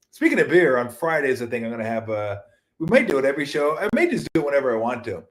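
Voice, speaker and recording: A man's voice: mid-range voice, big pitch swings, fast talker, a bit bright. A man in his fifties hosting a casual solo sports talk show, rambling and joking as he acts out other people's voices.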